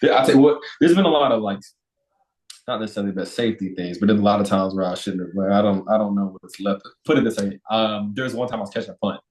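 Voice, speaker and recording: Young man, low voice, casual storyteller, high-pitched quotes, roomy echo. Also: quick pace, darkish tone. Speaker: guest, NFL player. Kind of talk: casual interview chat.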